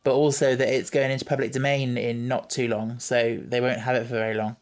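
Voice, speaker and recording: A man's voice: medium pitch, level tone, brisk. A man co-hosting a casual podcast, chatting enthusiastically and explaining things at length. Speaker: podcast co-host. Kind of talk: casual chat.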